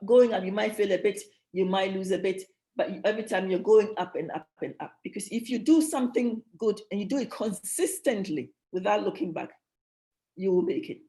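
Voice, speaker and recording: A woman's voice: medium pitch, animated, fairly quick, dark tone. A woman giving a motivational leadership teaching at a church, emphatic, repeating key phrases and restarting her sentences.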